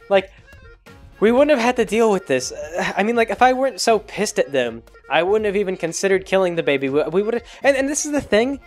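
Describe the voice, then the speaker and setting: A man's voice: sits high, sing-song, fairly quick. Exasperated rambling man, faint music. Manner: rambling and exasperated, heavy on fillers. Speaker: blog host. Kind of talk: casual gaming recap monologue.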